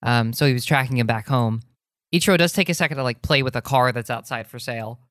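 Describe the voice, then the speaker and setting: A woman's voice: very deep voice, fast talker, a bit bright, no room sound, clean studio sound. Easygoing woman recapping a plot. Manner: easygoing, filler-heavy retelling. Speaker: podcast co-host.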